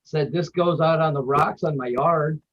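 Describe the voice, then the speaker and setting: A man's voice: a little high, normal speed, fairly bright tone, lo-fi sound. A man in a casual group chat, talking in an easygoing, matter-of-fact way.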